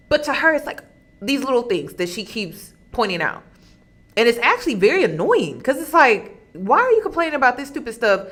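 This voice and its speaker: A woman's voice: fairly high pitch, fairly bright tone. A woman hosting a reaction commentary, emphatic and exasperated, often turning to her viewers. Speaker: commentary host.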